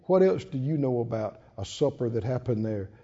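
A preacher delivering a dramatic call-and-response sermon in a church. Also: male voice, medium pitch, lively intonation, normal speed, mellow, breathy edge, long reverb tail, lo-fi sound.

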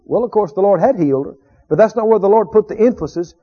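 A man's voice: high voice, expressive, quick pace, slightly rough. A man preaching a sermon, emphatic, repeating key phrases and drawing out quoted scripture. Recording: dull lo-fi recording.

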